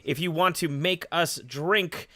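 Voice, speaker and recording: A man with a fairly high voice hosts a casual live-stream podcast at a measured pace. Animated and jokey, he reads viewers' chat names and donations out loud.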